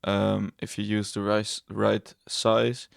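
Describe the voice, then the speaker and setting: A man's voice: on the low side, monotone, slow pace, vocal fry, dry recording, clean studio sound. A young man casually walking through his trades on screen, rambling and correcting himself, blunt and a bit sarcastic. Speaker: trading educator. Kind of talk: casual screen-share trading walkthrough.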